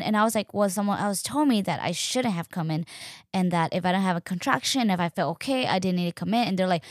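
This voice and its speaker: A young woman casually telling her own story, chatty and animated, acting out what others said. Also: quick pace, no echo, studio quality. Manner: chatty, animated, acts out quoted voices with pitch jumps. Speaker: podcast host sharing her birth story.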